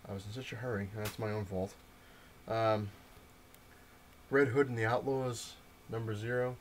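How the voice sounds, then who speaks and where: A man's voice: lowish voice, fairly even intonation, normal speed, a little hiss or hum. A man casually rambling to camera about a comic shop visit and his new comics, with lots of fillers and restarts. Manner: rambling, loose storytelling with many fillers and restarts. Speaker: comic book collector showing his purchases. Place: at home, indoors.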